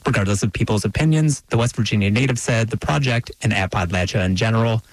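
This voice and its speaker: News reporter guy, deep and a bit husky, reads his piece evenly. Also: fast talker, no echo, poor audio. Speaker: radio reporter.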